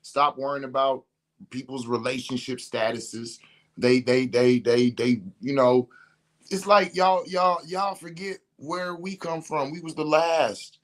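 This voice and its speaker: Male host, ordinary pitch, venting emphatically in loose slang. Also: measured pace. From Detroit. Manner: emphatic, slangy, repeats himself. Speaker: podcast host. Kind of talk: casual spiritual rant.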